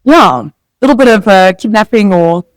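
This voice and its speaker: A woman's voice: medium pitch, expressive, moderate pace, no room sound, low-quality recording. A South African woman co-hosting a casual podcast, telling stories in a chatty way with many "like" fillers. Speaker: podcast co-host. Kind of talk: casual chat.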